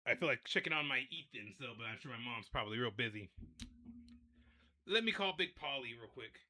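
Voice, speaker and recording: Bright-voiced man ranting on a livestream. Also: medium pitch, expressive, brisk. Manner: ranting, repetitive, addresses audience directly. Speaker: livestream host. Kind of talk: rambling livestream rant.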